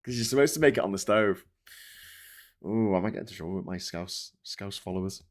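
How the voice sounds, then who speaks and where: A man's voice: fairly low pitch, a little fast. A middle-aged man hosting a daily political news show, talking in a blunt, sarcastic, sweary ranting style with many fillers and restarts. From Britain. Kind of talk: casual ranting commentary.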